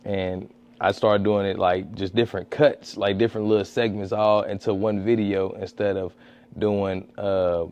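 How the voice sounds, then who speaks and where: Laid-back man with a dark low voice. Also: moderate pace, clear, resonant tone, muffled recording. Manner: animated storyteller, acts out quotes in a high voice, many restarts. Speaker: comedian and street-interview content creator. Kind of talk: casual podcast interview. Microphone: podcast studio mic.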